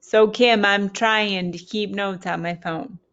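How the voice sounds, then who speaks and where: A woman leads a support group on a video call. She talks in a practical, to-the-point way at an ordinary pitch. The call audio is slightly muffled. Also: steady tone, takes it slowly, a bit bright, smooth. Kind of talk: casual chat on a video call.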